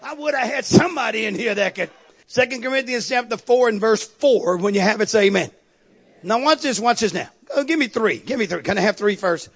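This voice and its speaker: A man's voice: sits high, expressive, fairly quick, slightly rough. A male pastor preaching a sermon with call-and-response, building to emphatic outbursts.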